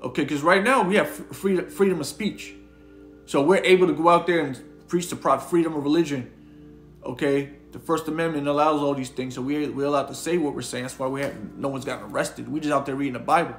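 A man's voice: fairly high pitch, fairly quick, a bit bright, echoey room, faint music behind. A man preaching an informal sermon, reading scripture aloud and talking in a slangy, conversational way with frequent repeated words. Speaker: street preacher.

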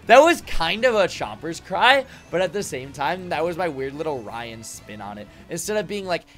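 A young man streaming a game from a home room with acoustic foam, rambling excitably, swearing and laughing often. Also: fairly high pitch, normal speed, soft background music. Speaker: gaming streamer. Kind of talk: casual live-stream commentary while gaming.

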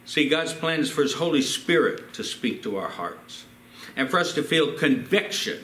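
A man's voice: a little high, very animated, moderate pace, pushed and bright, echoey room, slight background noise. An older man, a pastor, telling personal stories in a sermon and acting out the quotes. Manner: storytelling with acted quotes. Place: church.

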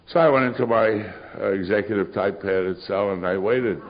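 Older guy, super deep voice, sardonic funny recovery talk, kinda muffled recording. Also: normal speed, few pauses, slight background noise. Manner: wry, sardonic storytelling with dry humor. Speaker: AA speaker.

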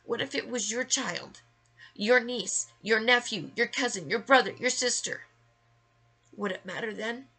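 Husky, gravelly woman ranting angrily. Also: fairly high pitch, unhurried, bright, forceful tone. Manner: angry, emphatic, swearing. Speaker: vlogger sharing her story. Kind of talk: emotional rant to camera.

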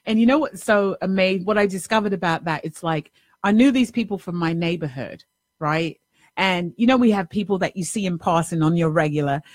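A middle-aged woman life coach telling a personal story in a lively, repetitive way, often tossing in a rhetorical "right?". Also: lowish voice, fairly quick, no echo, clean studio sound. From New York City. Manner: animated, repeats herself, rhetorical "right?" asides.

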